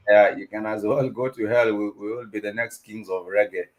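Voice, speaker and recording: A man's voice: on the low side, fairly even intonation, normal speed, poor audio. A man giving casual news commentary, hesitant, with many fillers and restarts. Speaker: co-host. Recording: clear background noise.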